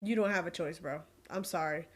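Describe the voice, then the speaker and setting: A woman giving casual, excitable commentary while reacting to a film, often exclaiming. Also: on the low side, fairly quick. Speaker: movie reaction creator.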